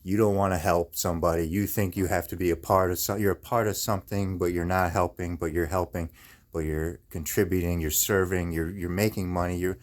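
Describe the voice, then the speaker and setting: A man's voice: low voice, fairly even intonation, a little fast. Angry man ranting to camera. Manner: angry, profane, repetitive. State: living with chronic pain. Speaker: video maker.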